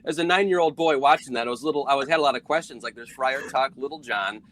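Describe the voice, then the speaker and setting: A man's voice: mid-range voice, fast, a bit bright, a little hiss or hum. A man in his thirties, a former radio personality, chatting as a podcast guest in a rambling, laid-back way. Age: 30s. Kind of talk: casual podcast conversation.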